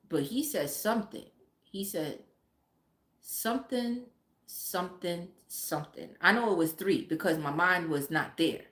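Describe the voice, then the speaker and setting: A woman's voice: fairly low pitch, a bit bright. A woman in her forties, a mother, telling a family story in blunt, profane, filler-heavy casual talk. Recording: roomy echo.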